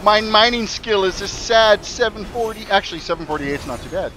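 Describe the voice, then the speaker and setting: A man's voice: sits high, expressive, brisk, pushed and bright, a little hiss or hum. Chatty man streaming a game. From Canada. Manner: chatty and joking, reads chat aloud. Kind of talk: casual commentary while playing.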